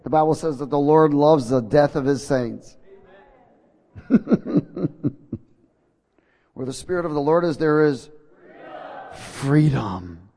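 A man's voice: on the high side, slow pace, long pauses, dark tone. A man preaching a sermon, emphatic and repetitive, asking the congregation to answer back. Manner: call-and-response, emphatic and repetitive. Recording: echoey hall with long reverb.

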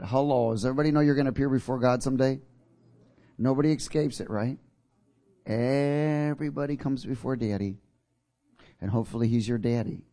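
A man's voice: mid-range voice, brisk, long pauses, dark tone. A male pastor preaching a sermon, calling out to his congregation and chuckling at his own jokes.

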